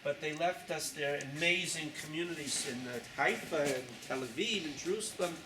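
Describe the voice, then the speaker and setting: In this noisy clip, a New York journalist in his sixties speaks a little high and a little fast. He rambles chattily through a casual tour of his own exhibition, tossing in plenty of jokey asides.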